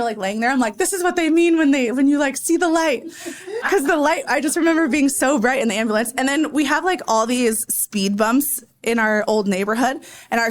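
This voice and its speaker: A woman in her thirties, a podcast host telling a long personal story at a live event in a casual, chatty way full of fillers. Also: fairly high pitch. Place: live event before an audience.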